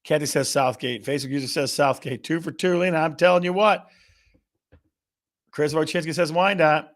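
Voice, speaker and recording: Energetic and repetitive, a man with a fairly high voice hosts a live real estate show at normal speed. In a call-and-response game with viewers, he repeats questions and reads their guesses out loud.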